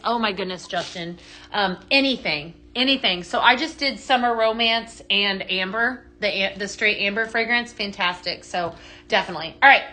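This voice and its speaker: Slightly out of breath, a woman selling home fragrance runs a casual live-stream demo, chatting away and reading out viewer comments as she talks. Her voice is medium-pitched with a sharp tone.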